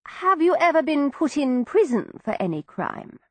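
Lady doing a brisk matron firing off form questions, raised and clipped. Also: high-pitched, big pitch swings, no echo, clean studio sound, pitched above the performer's own voice. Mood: brisk official. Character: plain, stern but kindly workhouse matron.

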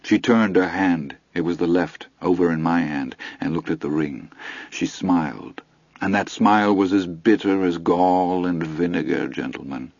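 A man narrating an audiobook in a measured, formal storytelling manner. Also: low voice, vocal fry, darkish tone, no room sound, dull audio.

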